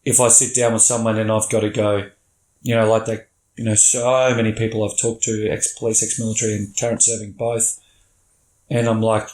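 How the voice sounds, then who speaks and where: A man's voice: lowish voice, fairly quick. Blunt, swearing man in a roomy space. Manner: blunt, swears freely, animated. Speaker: podcast guest. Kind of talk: candid storytelling chat. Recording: roomy echo.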